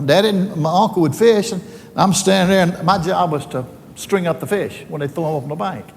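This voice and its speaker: An older man with a Southern drawl tells folksy stories and preaches in a homespun, joking way. His voice sits high for a man. It rings through a large hall over a faint low rumble. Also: vocal fry, a little mellow. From Alabama, US. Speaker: speaker addressing a team. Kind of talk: folksy faith talk with stories.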